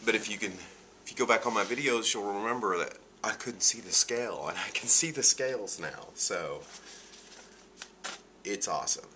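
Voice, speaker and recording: A man's voice: fairly low pitch, normal speed, bright, forceful tone, a little hiss or hum. A man talking casually in a video diary, a bit nasal from allergies, chatty and upbeat. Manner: chatty, upbeat, laughs often. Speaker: vlogger.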